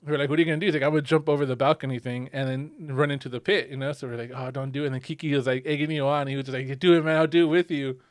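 A man's voice: medium pitch, steady tone, very fast, few pauses, no room sound, studio quality. A young man co-hosting a podcast, telling stories casually with many fillers and acted-out quotes. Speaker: podcast co-host. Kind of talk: casual chat.

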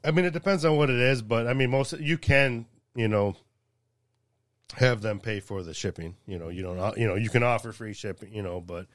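A man's voice: brisk, no echo. A man appearing as a podcast guest in a studio, talking casually and hesitantly, with many fillers. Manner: hesitant, filler-heavy, low-key. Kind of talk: casual chat.

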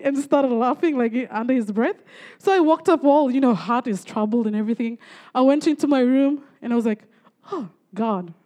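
A woman with a notably high voice shares a personal testimony as a sermon. She speaks earnestly, often stretching her words out slowly. Her talk is punctuated by frequent praise interjections. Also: mellow. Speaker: church speaker giving a testimony.

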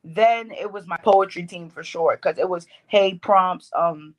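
A woman's voice: on the low side, unhurried, dull audio. A young woman from the Bronx with a New York accent, a poet talking casually in an interview, loose and slangy with lots of fillers. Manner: loose, slangy, animated storytelling with many fillers. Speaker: poet guest.

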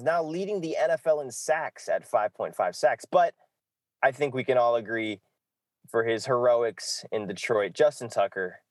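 A man's voice: medium pitch, no room sound. A man hosting a casual sports podcast, loose and jokey, often saying "exactly". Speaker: podcast host.

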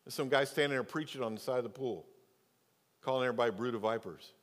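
A male pastor preaching a sermon, moving between loud, emphatic stretches and quiet, low asides. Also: quick pace. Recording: long church reverb.

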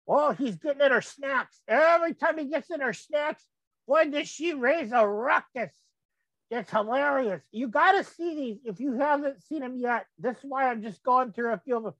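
A man's voice: very high-pitched, expressive, normal speed, a bit bright, no room sound, low-quality recording. An older man hosting his own show, rambling in a folksy way as he comments on photos. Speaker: podcast host.

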